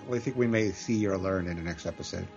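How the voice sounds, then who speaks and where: A man hosting a casual podcast chat, relaxed and steering the talk toward a sign-off. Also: low-pitched, fast talker, creaky. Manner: laid-back, wraps up with a sign-off. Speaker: podcast host. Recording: slightly dull lo-fi audio, faint music.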